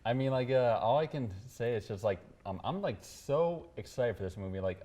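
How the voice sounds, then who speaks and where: Mellow-voiced man, halting and hesitant. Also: medium pitch, expressive. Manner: hesitant, heavy with fillers. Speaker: panelist. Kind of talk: casual panel chat.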